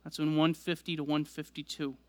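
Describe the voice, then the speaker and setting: A man's voice: on the high side, little pitch movement, a little fast, no echo. A man preaching a sermon, explaining scripture verse by verse and building emphasis as he goes. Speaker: pastor.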